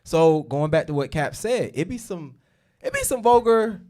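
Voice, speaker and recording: Male host, informal explainer, emphatic, lively pitch. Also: moderate pace. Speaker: show host. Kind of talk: casual teaching discussion.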